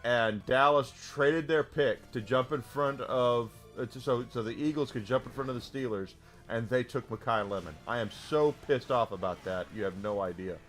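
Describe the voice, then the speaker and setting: A man's voice: medium pitch, moderate pace, a bit bright, soft background music. A man live-streaming a retro game, chatting casually with viewers in a rambling, talkative way. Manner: rambling, restarts, heated about sports.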